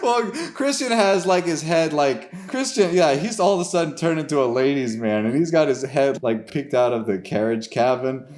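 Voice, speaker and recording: A man's voice: fairly high pitch, expressive, moderate pace, few pauses, a little mellow. A man improvising a comedy story on a podcast, rambling and swearing, often laughing.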